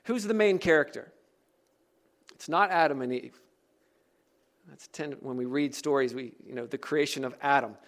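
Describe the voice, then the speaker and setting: A man preaching a sermon to a congregation, asking them questions and slowing down or getting louder for emphasis. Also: mid-range voice. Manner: varies pace and loudness for emphasis. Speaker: pastor.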